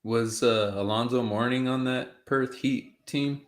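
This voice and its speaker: Slow-talking joking man in an echoey room. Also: medium pitch, fairly even intonation. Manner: joking, crude humor. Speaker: podcast co-host. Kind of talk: casual chat.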